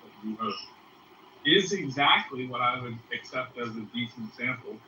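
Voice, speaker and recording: A man's voice: mid-range voice, expressive, normal speed, sharp tone, echoey room, distant mic, a little hiss or hum, poor audio. A man in an online voice chat, answering with dry, dismissive remarks.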